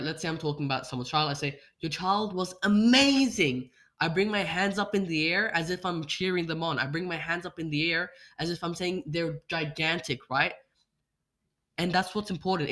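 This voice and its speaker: Speaking through a computer mic without a webcam, this young man leads an online workshop on speech practice. He poses rhetorical questions and demonstrates shifts in voice, his tone sharp and pitched a little high.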